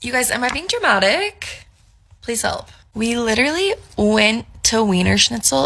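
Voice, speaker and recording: A woman telling a dramatic story to camera in an animated, incredulous way with lots of "like". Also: fairly high pitch, normal speed. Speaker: social media storyteller.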